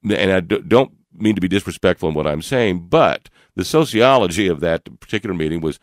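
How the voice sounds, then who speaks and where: An older man co-hosting a radio talk show, telling a personal story in an animated way with frequent laughs and fillers. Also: sits low, fairly quick, no room sound, clean studio sound. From Louisville, Kentucky area. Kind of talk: storytelling in casual chat.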